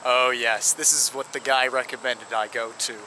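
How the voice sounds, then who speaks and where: Bright-voiced enthusiastic male travel vlogger. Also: medium pitch, steady tone, moderate pace, a little hiss or hum. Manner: enthusiastic, guide-like explaining. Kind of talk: travel vlog narration.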